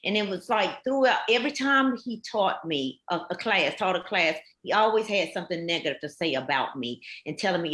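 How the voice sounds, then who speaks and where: A woman, in her fifties, speaks in a fairly low voice and tells her story earnestly and with emphasis. She repeats phrases for weight. The recording has the roomy echo of a hall. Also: animated, brisk, few pauses, fairly bright tone. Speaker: firefighter captain, panelist. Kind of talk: storytelling on a panel. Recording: echoey room.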